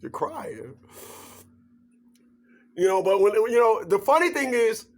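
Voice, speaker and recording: A man with a high voice delivers a comic rant to his viewers, unhurried and drawn out. He jokes, laughs along at his own points and talks with lively energy. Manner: animated, joking, laughs through his points. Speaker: vlogger. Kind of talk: comedic rant to camera.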